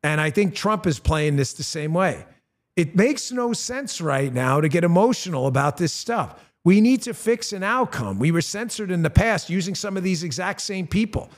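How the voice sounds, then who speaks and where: A male talk show host with a punchy, blunt delivery who reads his own ads and turns loud and high-pitched when outraged. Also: animated, moderate pace. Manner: conversational, with fillers and restarts. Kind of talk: talk show monologue with ad read.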